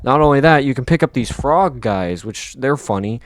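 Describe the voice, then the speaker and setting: A man's voice: mid-range voice, expressive, normal speed, hardly any pauses. A young man narrating a casual, joking game review voice-over in an upbeat, slangy way. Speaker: gaming video creator.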